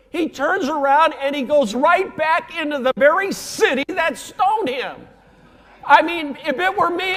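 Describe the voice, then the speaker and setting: A male pastor preaches in a lively, conversational style, slipping into slang and acting out quotes. His voice sits very high for a man. The sound carries a long reverb from a large church sanctuary. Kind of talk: sermon.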